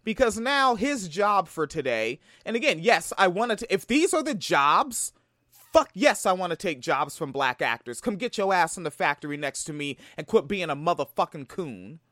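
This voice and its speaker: A man's voice: high-pitched, sing-song, normal speed, hardly any pauses, sharp tone, no room sound, clean studio sound. A man from Tacoma giving a profane, heated reaction commentary. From Tacoma, Washington. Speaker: video commentator.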